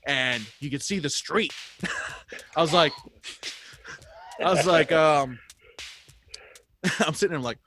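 A man telling a story in casual chat, animated, laughing often and swearing freely. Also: fairly high pitch, takes it slowly, pauses often, slight background noise.

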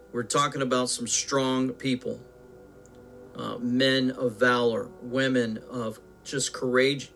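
A man hosting a podcast, talking earnestly with halting pauses and fillers, then leading a spoken prayer. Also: mid-range voice. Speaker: podcast host.

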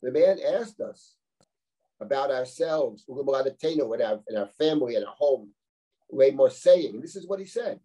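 Rabbi teaching scripture, middle-aged man, dark low-toned voice, talks it through like a chat, reads and translates Hebrew lines. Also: expressive, normal speed. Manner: reads Hebrew verses aloud and translates them line by line; conversational, explanatory, with rhetorical questions. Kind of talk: live text-study lecture.

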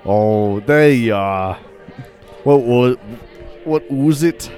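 A man's voice: mid-range voice, very slow, a little mellow, faint music behind. A young man chatting casually while gaming, goofily narrating what he does. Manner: goofy, narrates his in-game actions. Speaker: gamer.

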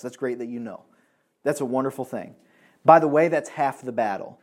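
A man's voice: medium pitch, moderate pace. A young adult man, a pastor, preaching an earnest, emphatic sermon with frequent fillers and restarts.

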